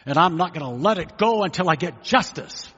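A little fast and expressive, a pastor with a somewhat high, fairly bright, slightly rough voice preaches conversationally and asks rhetorical questions. The recording is lo-fi and dull, made in an echoey hall.

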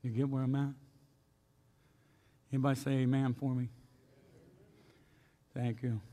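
A man's voice: medium pitch, level tone, measured pace, warm tone, long reverb tail. A man preaching a sermon in a folksy storytelling way, asking his congregation questions, in a church sanctuary. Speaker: pastor.

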